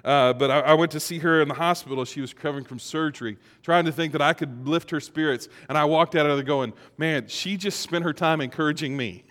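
A man's voice: a little high, a little fast, few pauses, fairly bright tone. Man preaching in a reverberant hall. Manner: conversational, rising to emphatic. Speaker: pastor. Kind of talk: sermon.

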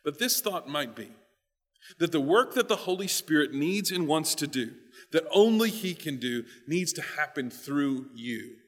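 In a hall with long reverb, a male pastor preaches an emphatic sermon, repeating words often and swinging between quiet asides and loud stresses. His voice runs a little high, with lively intonation and an unhurried delivery.

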